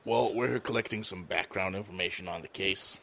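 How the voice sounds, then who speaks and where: Deep, gravelly man playing a tabletop game. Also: pushed and bright, slight background noise. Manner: halting, filler-laden. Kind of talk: in-character chat on a voice call.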